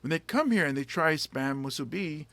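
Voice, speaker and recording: Animated guy from hawaii hosting a comedy chat, pitch jumps around, dry close sound. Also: normal speed, creaky, dry recording. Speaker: podcast host, comedian. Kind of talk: casual chat.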